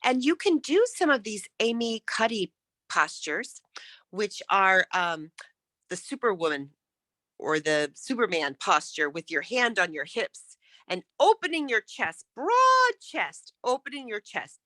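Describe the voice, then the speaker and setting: A woman coaching speakers in an online workshop, encouraging them and demonstrating how to end sentences with a falling pitch. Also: big pitch swings, a little slow, a bit bright, no room sound.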